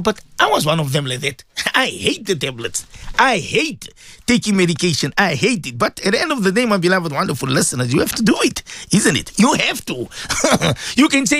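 A man hosting live radio, his pitch leaping about with lively energy as he preaches warmly to his listeners. His voice sits fairly high for a man, and the studio sound is close and dry. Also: fairly quick, gravelly, slightly rough, no room sound. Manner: warm, preachy, animated, addresses listeners often. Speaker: radio host. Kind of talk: casual live radio talk.

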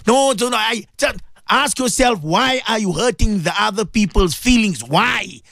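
A man's voice: sits high, animated, moderate pace, gravelly, hardly any pauses, a bit bright, no echo. A man hosting a morning religious radio show, preaching with passion and repeating his phrases in a sing-song way.

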